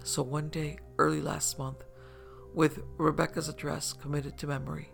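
Male storyteller, extremely gravelly, slightly high pitch, soft measured reading, faint music under it. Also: level tone. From upstate New York. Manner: soft, measured and hushed at times. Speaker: narrator. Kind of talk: scripted first-person story narration.

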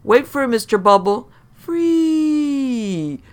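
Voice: mid-range voice, unhurried, vocal fry, pitched above the performer's own voice. A storyteller voicing a drunk, panicky middle-aged woman who mutters frantically. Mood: dazed.

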